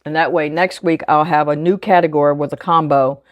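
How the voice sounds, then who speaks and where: A woman's voice: low voice, steady tone, fairly quick, no echo. A woman in her sixties chatting casually on her budgeting vlog, thinking aloud and counting bills under her breath as she sorts cash. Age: 60s. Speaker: budgeting vlogger. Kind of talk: casual chat while cash stuffing.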